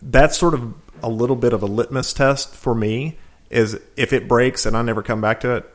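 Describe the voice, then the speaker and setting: A man's voice: medium pitch, fairly even intonation, normal speed. A man co-hosting a casual podcast, talking in an easygoing, anecdotal way about watching shows. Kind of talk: casual chat.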